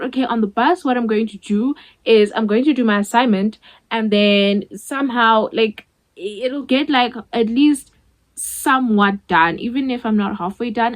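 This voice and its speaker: A South African woman in her twenties tells a storytime vlog in a fairly high, chatty voice, using many "like" fillers. She acts out the dialogue. The recording is low quality.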